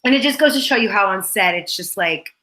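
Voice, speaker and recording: A woman's voice: mid-range voice, lively intonation, brisk, bright, forceful tone, poor audio. An actress, a woman, chatting as a guest and rambling through behind-the-scenes stories. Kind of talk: casual chat.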